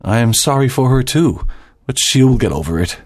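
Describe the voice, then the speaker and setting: A man's voice: medium pitch, animated, normal speed, a little mellow. A man voicing a stern, proud doctor and father in a dramatized audiobook, speaking formally and with emphasis.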